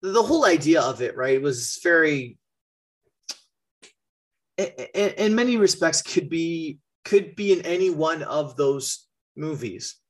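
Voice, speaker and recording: A man's voice: fairly high pitch, animated, measured pace. A man co-hosting a casual movie review chat, dryly joking and playing along. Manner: dry joking, plays along, laughs often. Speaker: podcast co-host.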